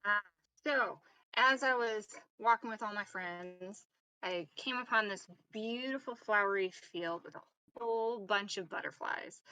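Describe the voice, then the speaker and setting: A woman player telling her turn in a casual tabletop game, soft and dreamy. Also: mid-range voice, a little slow, clear, resonant tone, no room sound.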